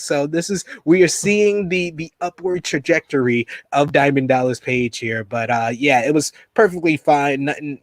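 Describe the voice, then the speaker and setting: A man co-hosting a casual wrestling review podcast, animated and quick to laugh as he quotes wrestlers. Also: medium pitch, dry recording. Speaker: podcast co-host.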